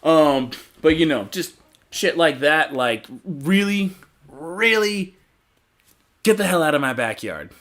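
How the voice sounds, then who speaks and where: A man's voice: on the high side, expressive, moderate pace, a bit bright. A young man hosting a casual livestream podcast, rambling loosely, swearing freely and laughing often. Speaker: podcast host.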